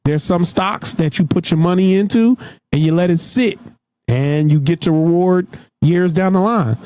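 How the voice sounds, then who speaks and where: A man co-hosting a podcast in a laid-back, casual way. His speaking voice sits high, and he makes his points with examples. The sound is dry and close to the mic. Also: normal speed, darkish tone, no echo. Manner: laid-back, explains with examples, acts out quotes. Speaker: podcast co-host.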